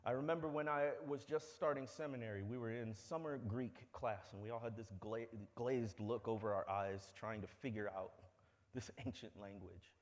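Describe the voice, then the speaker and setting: In a lecture hall with long reverb, a man gives a public talk, telling stories in a wry, conversational way. His voice is mid-range and moderately paced.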